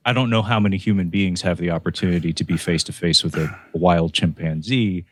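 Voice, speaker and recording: An American man co-hosting a casual film review, talking in long rambling stretches with restarts and quick laughs. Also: low-pitched.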